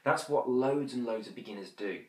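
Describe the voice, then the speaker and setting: This mid-range male voice belongs to a hypnosis instructor who teaches quickly and casually, sprinkling in many fillers. Occasionally he shifts to slow, breathy, drawn-out demonstrations, and the sound carries a roomy echo.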